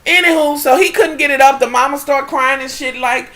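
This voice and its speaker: A woman vlogger recapping a TV episode in a casual chat, animated and profane, with dramatic exclamations. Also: high voice, brisk.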